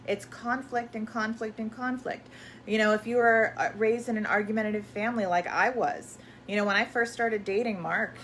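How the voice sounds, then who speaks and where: A woman's voice: fairly high pitch, fairly bright tone, slight background noise. A woman hosting a live question-and-answer stream, talking casually and rambling with many fillers and restarts.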